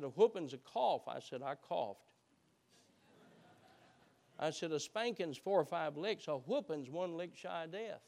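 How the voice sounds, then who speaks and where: A pastor, a man with a high, light voice, preaching a sermon. He drops low and soft, then climbs into impassioned, loud exhortation.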